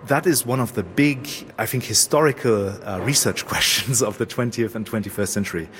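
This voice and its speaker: A man, a historian, explaining history in a measured academic way while standing at a historic site. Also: fairly low pitch, a little hiss or hum.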